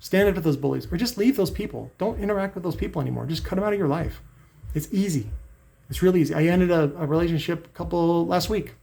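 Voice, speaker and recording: Profane gravelly man ranting. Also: on the high side, fast talker, mellow. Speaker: channel host. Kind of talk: angry vlog rant.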